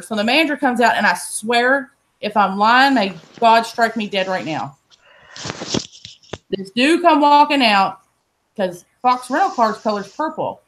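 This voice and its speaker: A woman spins a story in a slightly high voice. She is blunt and profane, with lively, animated delivery that never softens the edges. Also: moderate pace. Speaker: podcast host telling a story. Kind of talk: casual storytelling.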